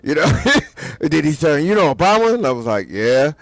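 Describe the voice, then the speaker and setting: A man tells a story in relaxed radio chat, acting out the voices and laughing as he goes. His voice sits in a middle range. The recording is close and dry, with no room echo. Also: mid-range voice, normal speed, gravelly. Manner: laughs through his story, acts out quoted dialogue. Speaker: radio show co-host.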